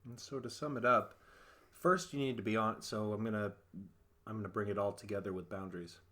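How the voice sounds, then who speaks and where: This is a man in his thirties with a fairly low voice, co-hosting a relationship podcast. He sums up the advice methodically, going through one step at a time in a calm, orderly way. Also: brisk. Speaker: podcast co-host.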